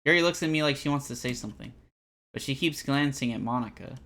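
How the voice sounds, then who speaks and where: A young man streaming a game live, rambling through animated, self-deprecating commentary and reading the game's text aloud. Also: mid-range voice, fast talker, slight background noise.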